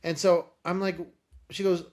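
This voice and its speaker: A man's voice: high voice, a little slow. A man, a podcast guest, telling a long personal story and acting out the conversations in it. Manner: animated storyteller acting out dialogue.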